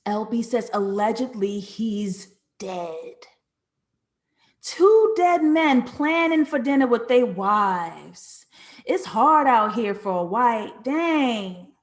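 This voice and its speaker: Animated woman streaming commentary. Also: a little high, slow pace. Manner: thinking out loud, animated, talks back to chat. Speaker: live show host reading chat comments. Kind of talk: casual live-stream commentary.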